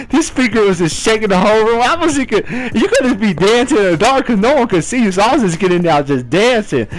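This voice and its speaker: A lively young man with a fairly high voice tells a story, laughing often and jumping into voices and chants. His delivery is loose and chatty, with faint music under him. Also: brisk. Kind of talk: casual storytime vlog.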